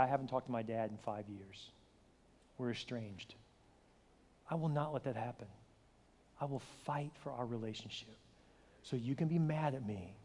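A pastor in his forties preaching a sermon, telling stories with acted-out dialogue and lively delivery. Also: medium pitch. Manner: animated storytelling, acts out dialogue with shifting voice. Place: large church hall. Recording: hall reverb.

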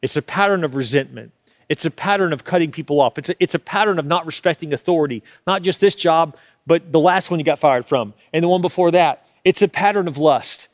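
A man preaching a sermon as a pastor, swinging from loud, urgent pleas to hushed, low asides, often repeating words as he builds. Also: fairly quick, no echo, studio quality. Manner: repeats words and restarts when fired up.

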